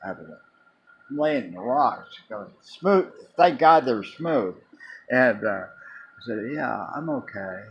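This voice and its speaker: A man's voice: mid-range voice, lively intonation, measured pace, dull audio, slight background noise. A man casually telling a long personal story in a rambling way, restarting and repeating words as he goes. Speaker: vlogger.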